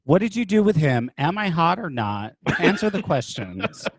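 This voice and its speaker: A man's voice: fairly high pitch, very animated, moderate pace, breathy edge, dry recording. A man co-hosting a podcast, throwing in wry jokes during casual chat. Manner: wry joking interjections. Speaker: podcast co-host.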